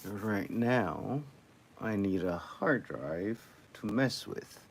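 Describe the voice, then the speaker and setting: A man's voice: lowish voice, animated, drawn-out words, gravelly, slight background noise. A man livestreaming, chatting casually to viewers in a loose, rambling way with lots of repeated phrases.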